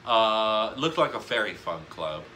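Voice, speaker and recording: A man's voice: fairly low pitch, lively intonation, measured pace, sharp tone, a little hiss or hum. A man ranting in a casual chat as a podcast guest, swearing and laughing often.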